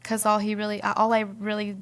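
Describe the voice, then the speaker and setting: A woman speaks as a podcast guest, sharing a personal testimony. Her voice has a gravelly, creaky edge and sits at a middling pitch. She talks haltingly and often repeats words as she works through her memories. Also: monotone, a bit bright.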